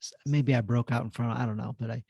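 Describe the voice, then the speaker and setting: Man, podcast host, relaxed casual chat, affirming, dry close sound. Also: mid-range voice, fast, vocal fry, breathy edge, dry recording.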